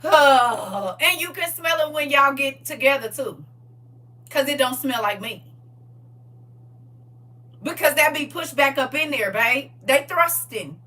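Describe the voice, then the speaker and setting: A woman hosting a livestream, talking in a casual, preachy, comic way, animated, laughing and teasing. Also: high voice, takes it slowly, pauses often, distant mic. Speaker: livestream host.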